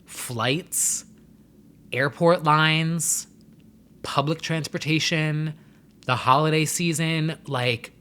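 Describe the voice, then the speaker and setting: Chatty, bright-toned young man vlogging. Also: fairly high pitch, fairly even intonation, very slow, long pauses, clear, resonant tone. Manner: rambling, chatty, sassy slang. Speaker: vlogger host. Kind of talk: casual chat to camera.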